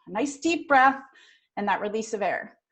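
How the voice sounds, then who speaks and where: A middle-aged woman giving a training talk to front office staff, direct and energetic in her coaching. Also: medium pitch, slow pace.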